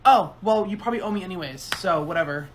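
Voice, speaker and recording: A man's voice: high-pitched, animated, quick pace, echoey room, slight background noise. A man performing comedy POV skits, playing every part himself in a bratty, whiny, sarcastic teen-girl manner. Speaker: comedy skit creator.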